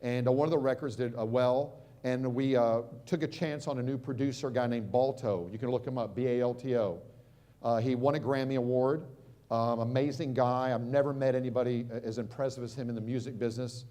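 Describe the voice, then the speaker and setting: A middle-aged American man giving a motivational seminar talk, quizzing the crowd and swinging from loud punches to hushed moments. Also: medium pitch, fairly even intonation, fairly quick. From United States. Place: stage at a live seminar.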